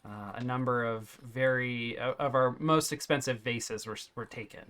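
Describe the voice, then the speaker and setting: A man's voice: mid-range voice, steady tone, normal speed, fairly bright tone, lightly acted. A man voicing a flustered middle-aged woman florist, stammering and apologetic. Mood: fretful.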